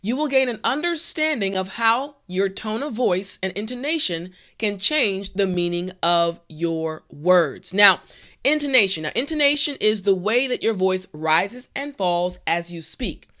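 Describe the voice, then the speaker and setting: A woman's voice: mid-range voice, unhurried. A woman teaching an online English lesson, speaking with confidence and encouragement, often checking in with "okay?" and "right?". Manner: confident, animated delivery.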